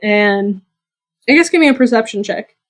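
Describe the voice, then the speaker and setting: A woman's voice: a little high, expressive, moderate pace. Easygoing woman running a tabletop game. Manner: easygoing, laughs often. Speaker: game master.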